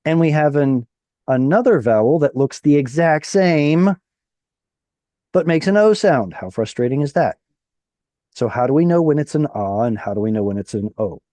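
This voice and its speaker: A man's voice: a little high, lively intonation, moderate pace, mellow, dry recording. A man teaching a Hebrew reading class over a video call, patiently explaining step by step.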